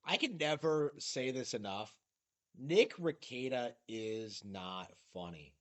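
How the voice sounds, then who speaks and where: A man's voice: mid-range voice, animated, takes it slowly. A man narrating a commentary video, sarcastic and incredulous. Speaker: YouTube commentator.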